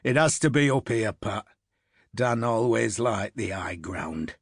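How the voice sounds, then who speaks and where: A man's voice: on the low side, a little slow, vocal fry, breathy edge, no echo, clean studio sound, heavily acted. A man voicing a tall, lean, surly army rifle officer who talks curtly and grumbles, in an audiobook. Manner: grumbling, curt.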